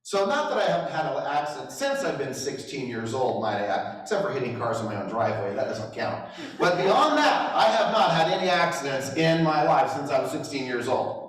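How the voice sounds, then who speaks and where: Man, middle-aged, motivational trainer, animated storyteller, self-deprecating, very echoey hall, distant mic. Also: a little high, fairly quick. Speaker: real estate trainer at a company summit.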